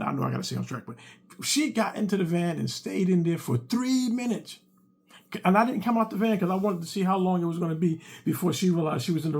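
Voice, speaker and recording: Gravelly man telling an animated story. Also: sits high. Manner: animated, repetitive, punchy asides. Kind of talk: casual comic storytelling.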